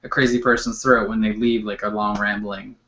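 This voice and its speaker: A man's voice: lowish voice, level tone, a little fast, fairly bright tone, reverberant, highs cut off. A man in his thirties co-hosting a casual chat, speaking in a dry way with lots of "like" and "um". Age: 30s. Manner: dry, filler-heavy. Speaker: cartoonist co-host.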